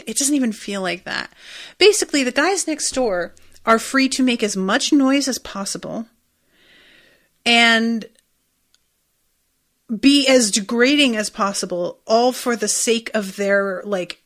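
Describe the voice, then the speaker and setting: A woman's voice: on the high side, a bit bright. A woman hosting a podcast, recapping a TV episode in a rambling, chatty way and swearing freely. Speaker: podcast host.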